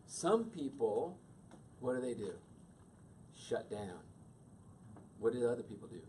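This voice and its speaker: Animated man telling a story from afar. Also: mid-range voice, a little slow, long pauses, a little hiss or hum. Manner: animated, conversational. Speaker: workshop speaker. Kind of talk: storytelling talk to an audience. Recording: distant mic with faint room ambience.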